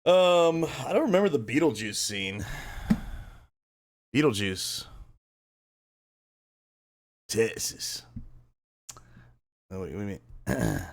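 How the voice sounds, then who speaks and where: A man's voice: fairly low pitch, expressive, takes it slowly, pauses often. A man streaming live, joking and teasing his chat in a casual way.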